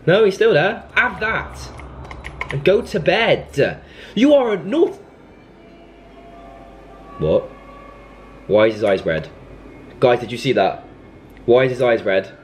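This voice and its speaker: A man's voice: mid-range voice, very animated, measured pace, long pauses, slight background noise. A young man commenting on a horror game as he plays, scolding and panicking in turn. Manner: jumpy, panicky outbursts, scolding the game baby. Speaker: gaming YouTuber.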